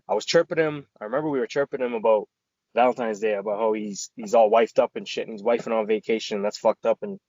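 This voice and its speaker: Fast-talking man telling a story. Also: fairly low pitch, steady tone, a little mellow, no echo, lo-fi sound. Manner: profane, rambling storyteller quoting friends. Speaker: podcast co-host. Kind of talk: casual storytelling chat.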